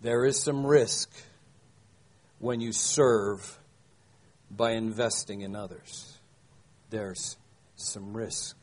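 A man's voice: medium pitch, darkish tone. An older man preaching a sermon, emphatic, repeating key phrases and asking rhetorical questions. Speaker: pastor.

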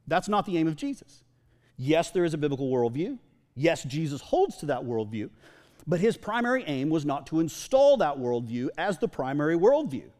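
A man's voice: fairly high pitch, very animated, moderate pace, a little mellow. A male pastor giving a sermon in a church hall, talking conversationally and often repeating words as he goes.

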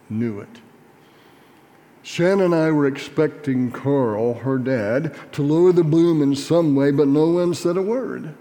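Slow, mellow man reading a memoir. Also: medium pitch. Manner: earnest, measured storytelling. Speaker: reader. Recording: reverberant hall.

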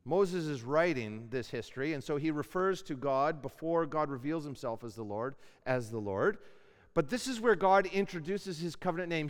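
A man with a fairly high, smooth, resonant voice teaches a class in a lecture hall. He talks in a loose, conversational way and often turns to ask his listeners questions. His voice rings with long reverb from the room. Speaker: Bible lecturer.

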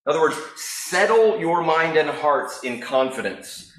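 A man preaching a sermon as a pastor in a relaxed, conversational storytelling manner. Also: fairly high pitch, measured pace, reverberant, poor audio.

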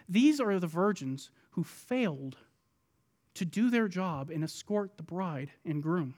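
A man with a high voice delivers a sermon. He acts out the people in his text with loud pleading, then drops to quiet, low asides. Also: animated, measured pace. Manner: dramatic, voicing the people in the parable. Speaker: pastor.

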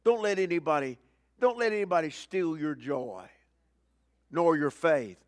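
High-voiced preacher, dry close sound. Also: male voice, expressive, a little slow, no room sound. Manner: preaching with swings between loud emphasis and low quiet asides; repeats key lines for emphasis. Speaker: pastor. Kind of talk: sermon.

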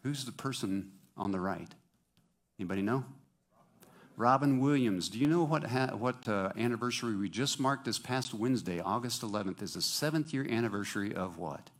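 Man, pastor, lively sermon delivery, chatty and playful with the congregation. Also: medium pitch, moderate pace.

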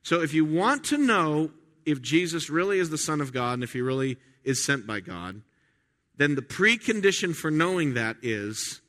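A man preaches a sermon in a conversational way, full of restarts and rhetorical questions. His voice is bright and forceful, at a middle pitch. He drops into quiet asides and then jumps up loud to stress a point. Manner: swings from quiet asides to loud emphatic lines. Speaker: pastor.

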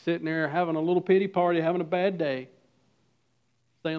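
A man preaching a sermon as pastor, swinging from loud emphatic lines to hushed, quiet ones. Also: fairly high pitch, brisk, pauses often, clear, resonant tone, lo-fi sound.

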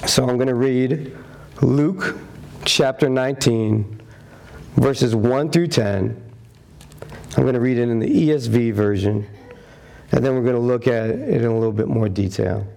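A man preaching a sermon, telling the story with animated storytelling and acting out the quotes in character. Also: medium pitch, unhurried, creaky, pauses often.

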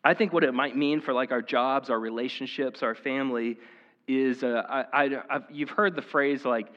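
A man's voice: medium pitch, fairly even intonation, moderate pace, fairly bright tone. A man preaching a conversational sermon as pastor, casual and earnest, with lots of "like" and "uh". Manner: casual, filler-heavy, earnest. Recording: reverberant hall, dull sound.

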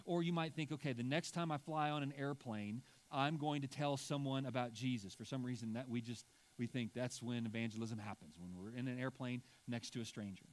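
Male pastor, mid-pitched voice, preaching with deliberate stress on key phrases. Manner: emphatic, slows and stresses key words. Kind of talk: sermon.

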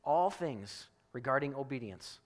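A man's voice: medium pitch, lively intonation, unhurried. Man preaching in a conversational style. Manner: conversational, emphatic preaching with repeated restarts. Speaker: pastor. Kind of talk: sermon.

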